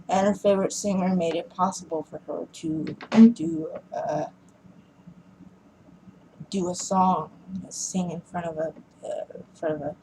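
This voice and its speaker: A woman's voice: on the low side, a little hiss or hum, poor audio. A woman giving a casual, rambling film review rant, frustrated and full of fillers.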